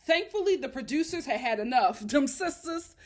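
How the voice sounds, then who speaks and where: A woman talking through a reality show episode in loose, chatty commentary. She is sassy and emphatic, leaning hard on her points, and her voice sits fairly high. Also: lively intonation, normal speed. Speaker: reality TV reviewer. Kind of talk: casual commentary.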